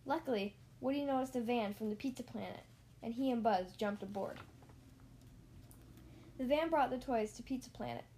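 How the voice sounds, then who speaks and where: A woman narrating a children's storybook in a clear, steady reading voice. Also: on the high side, moderate pace, pauses often, a little hiss or hum. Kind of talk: storybook read-aloud.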